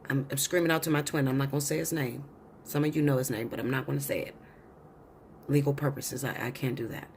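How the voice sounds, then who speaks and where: A woman's voice: rumbling low, steady tone, fast, a little hiss or hum. A woman tarot reader telling a long story in a blunt, profane, insistent way. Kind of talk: storytelling monologue.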